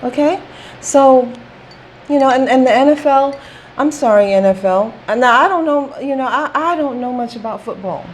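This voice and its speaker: A woman's voice: sits high, expressive, normal speed, slight background noise, rough recording. A woman talking straight to camera in a casual opinion vlog, emphatic and repetitive, checking in with "okay?". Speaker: vlogger.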